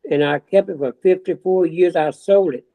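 A man in his seventies from the American South giving a personal testimony, earnest and halting, with frequent restarts. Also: high-pitched, gravelly, phone-quality sound. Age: 70s. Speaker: church member giving testimony.

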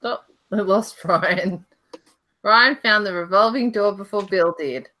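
A woman's voice: mid-range voice, unhurried, sharp tone. A woman with an Australian accent hosting a casual livestream from her couch, chatting and reading out viewer questions. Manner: chatty, reads out viewer questions, laughs often. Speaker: livestream host. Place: home couch.

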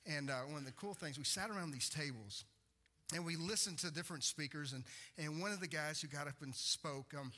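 With a fairly high, sharp-toned voice and a slightly fast delivery, a pastor tells stories throughout a conversational sermon. Repeated restarts mark his speech.

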